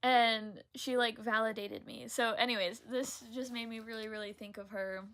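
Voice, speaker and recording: A young woman with a fairly high voice talks about her books at home. She rambles loosely, fills every pause with "like," drops casual swears and keeps breaking into laughter. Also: fairly bright tone. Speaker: book vlogger. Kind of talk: casual chatty book haul vlog.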